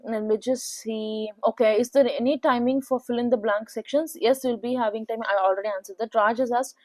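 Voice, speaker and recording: A woman's voice: a little high, fairly even intonation, fairly quick, darkish tone. A young woman with an Indian accent talking through test practice in a casual, filler-heavy way, often checking in with "okay". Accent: Indian English. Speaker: placement test tutor. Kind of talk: casual spoken tutorial.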